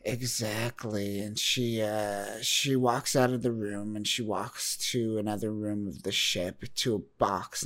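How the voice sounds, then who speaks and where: A podcast co-host walks through a story in a relaxed, chatty way. The pitch swings up and down freely, and laughter comes easily. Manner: lively, recaps the plot, laughs often. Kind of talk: casual comic book discussion.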